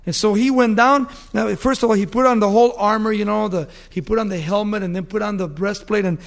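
A male preacher with a high-pitched voice gives an animated sermon. He retells scripture as a vivid story and often puts questions to his listeners. His delivery moves between excited and grave. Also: a little fast.

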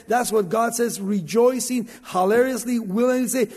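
A man's voice: extremely high pitch, normal speed, hardly any pauses, a little mellow, in a large hall. A male pastor preaching a sermon, telling stories with animation and asking the congregation questions.

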